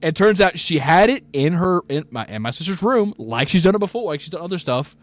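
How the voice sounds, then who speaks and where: A man's voice: high voice, sing-song, a little fast. Rambling young man telling a story. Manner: rambling, many restarts, acts out quoted voices. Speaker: podcast co-host. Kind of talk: casual storytelling chat.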